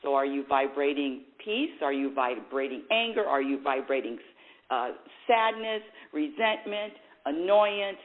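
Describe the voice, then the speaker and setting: A woman's voice: rumbling low, lively intonation, unhurried. A woman hosting a spiritual talk show, speaking in a rambling, self-correcting way and laughing at herself. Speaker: radio show host. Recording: tinny phone-like sound.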